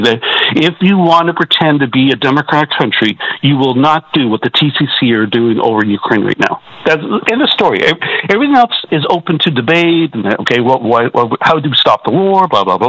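A man's voice: medium pitch, big pitch swings, a little fast, fairly bright tone, no room sound, rough recording. Agitated Canadian man on a radio call-in. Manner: agitated, repetitive, stumbling restarts. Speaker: caller.

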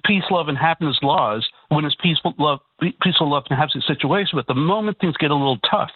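A man from Canada calls in to radio, agitated, repeating himself and tripping over restarts. His voice is fairly high and husky, with no echo, coming through a tinny phone line.

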